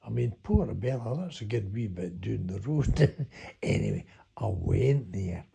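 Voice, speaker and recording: A man's voice: fairly low pitch, sing-song, unhurried, creaky, mellow, slightly rough. An older man with a Scottish accent telling a rambling, folksy story from his past. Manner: rambling, folksy, chuckling as he recalls. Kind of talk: reminiscing monologue.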